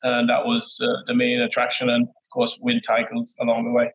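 A middle-aged man with a Trinidadian accent, telling stories as a guest in a relaxed, laid-back way, often laughing. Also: mid-range voice, a little fast. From Trinidad and Tobago. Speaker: guest, former footballer. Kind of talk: casual interview storytelling. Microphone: remote call audio. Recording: dull lo-fi call audio.

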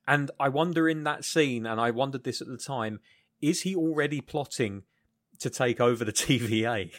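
A man co-hosts a casual podcast discussion at a middle pitch. He sounds animated and eager, and he is quick to agree and to add his own points. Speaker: podcast co-host. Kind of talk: casual review chat.

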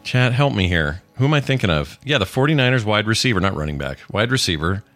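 A middle-aged man with a very low, deep voice hosts a casual live-streamed podcast, rambling from one tangent to the next and dropping corny puns. The sound is close and dry, with no room echo. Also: very animated, quick pace, a bit bright, faint music behind. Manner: jokey, rambling, punning. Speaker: podcast host.

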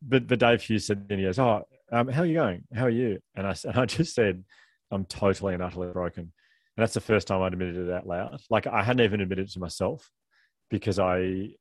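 A middle-aged man, a guest and author telling a candid story in a fast, rambling way, restarting his sentences often. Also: deep voice, fairly even intonation, dry recording, clean studio sound. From Australia.

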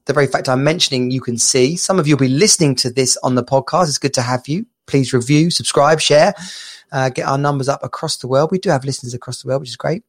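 Gravelly man hosting a chatty stream. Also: mid-range voice, quick pace. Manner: chatty, rambling, laughs easily. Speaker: podcast host. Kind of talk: casual live-stream chat.

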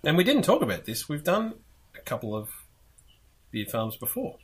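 A man's voice: on the high side, wildly swooping pitch, normal speed, husky. A man co-hosting a beer podcast, chatty and joking in casual conversation. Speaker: podcast co-host. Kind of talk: casual beer-tasting chat.

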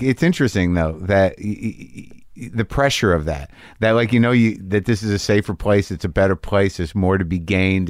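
A man's voice: lowish voice, no room sound, clean studio sound. Reflective man hosting a podcast. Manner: reflective, rambling, many fillers and restarts. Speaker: podcast host. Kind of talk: casual podcast conversation.

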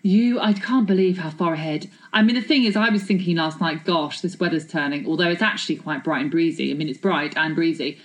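A woman chats in a lively, self-mocking way, spinning anecdotes with a slightly low voice. Her talk rambles happily from one story to the next. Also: fairly quick, hardly any pauses, rough recording. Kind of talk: casual chat.

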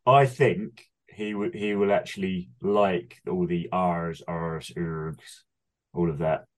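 A man's voice: deep voice, fairly even intonation, slow pace. A man co-hosting a comedy podcast, trading dry, teasing banter with his friends. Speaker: podcast co-host. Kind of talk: casual banter among friends.

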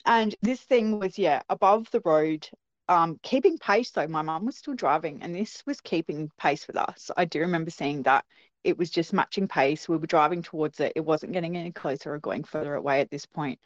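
A young woman, an interview guest, recounting a personal experience in an animated storytelling manner. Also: low-pitched, brisk, no room sound. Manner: animated storytelling with childlike quoted voices. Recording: dry, dull lo-fi sound.

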